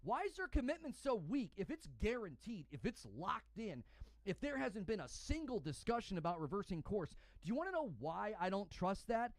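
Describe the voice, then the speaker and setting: A man rants with indignant fury, his high voice leaping up and down as he hammers each point. He sounds like a gaming commentator letting his anger run. The sound is close and dry. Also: big pitch swings, normal speed, dry recording. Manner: angry, indignant, emphatic. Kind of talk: heated opinion rant.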